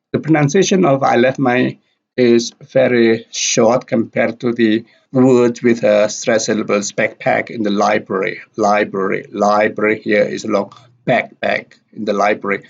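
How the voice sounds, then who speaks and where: A man explaining a language lesson slowly and deliberately, repeating example words. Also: mid-range voice, gravelly. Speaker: language teacher. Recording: dull lo-fi recording.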